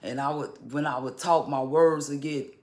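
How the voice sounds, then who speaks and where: A man talking casually to camera in a vlog, halting and restarting, with occasional stutters. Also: fairly high pitch, steady tone, darkish tone. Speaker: vlogger.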